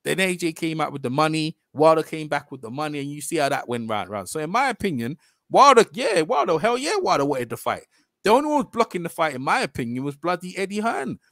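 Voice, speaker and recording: A man's voice: fairly high pitch, very animated, fast, fairly bright tone, dry recording, clean studio sound. A man hosting a live boxing chat on a video call, arguing emphatically and repeating himself. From England. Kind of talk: heated casual debate.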